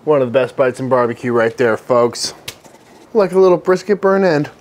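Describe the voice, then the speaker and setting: A relaxed man walks viewers through a barbecue cook, calling them folks along the way. His delivery is upbeat and easygoing, like a host teaching in his own backyard. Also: mid-range voice, moderate pace, slight background noise. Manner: savors the food aloud while tasting. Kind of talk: cooking tutorial.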